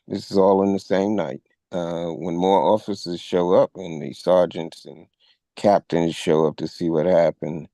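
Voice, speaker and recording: A man co-hosting a talk show, recounting a news event in a measured, storytelling way. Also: low-pitched, dark tone, dry recording. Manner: measured storytelling, acts out quoted officers with raised voice. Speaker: podcast co-host. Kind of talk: conversational retelling of a news story.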